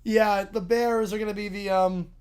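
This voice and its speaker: A man hosting a livestream in a relaxed, chatty way, chuckling as he hurries through viewer requests. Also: high voice, moderate pace, clean tone. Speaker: livestream host. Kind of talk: casual livestream chat.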